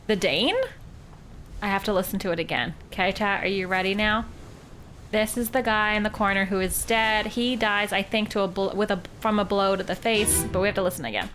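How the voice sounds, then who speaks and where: A woman's voice: mid-range voice, a little fast, a bit bright, soft background music. A woman from Canada, a live streamer, thinking aloud and chatting as she plays a mystery game.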